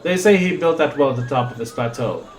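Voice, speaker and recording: A man reading a distrustful, gruff male settler from a game, in a folksy grumbling drawl. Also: medium pitch, expressive, brisk, soft background music, lightly acted. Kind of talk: reading game dialogue aloud.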